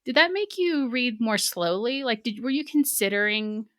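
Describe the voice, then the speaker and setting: A woman's voice: on the high side, animated, normal speed, a bit bright, no room sound, studio quality. A woman co-hosting a book club podcast, talking casually and animatedly with many restarts. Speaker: podcast co-host.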